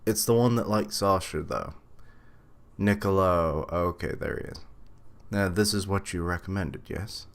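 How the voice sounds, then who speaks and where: A man with a low, deep voice reacts live while reading a comic. He thinks out loud, muses over what he reads and corrects himself along the way. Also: unhurried. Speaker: reaction streamer. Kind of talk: live reaction commentary, reading manga aloud.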